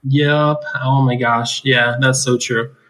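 A man who works as an oral surgeon explains extraction cases in casual clinical chat, laughing often and ending points with "right?". His mid-range voice is steady and a bit bright, his pace slow, and the recording rough.

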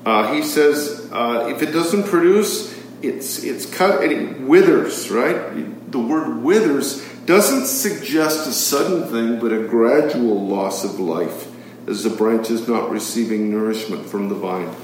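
A man's voice: mid-range voice, expressive, slow, slight background noise. Man teaching scripture in a very echoey room. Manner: poses rhetorical questions and reads scripture aloud, with frequent fillers. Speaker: Bible study teacher. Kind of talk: teaching a Bible study to a live group. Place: room with a live group. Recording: very echoey room, far from the mic.

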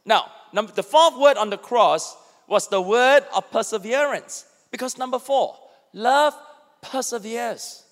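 A man's voice: extremely high pitch, moderate pace, big-room sound. A man pastor preaching a sermon, acting out quoted lines as he speaks. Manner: animated, acts out quoted speech.

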